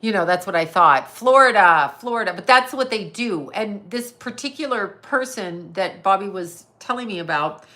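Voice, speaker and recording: Bright-voiced rambling woman livestreamer. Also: mid-range voice, lively intonation, normal speed, hardly any pauses. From Canada. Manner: rambling, tangential, swears freely, laughs often, reads chat comments aloud. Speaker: psychic medium and livestream host. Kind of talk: casual livestream chat.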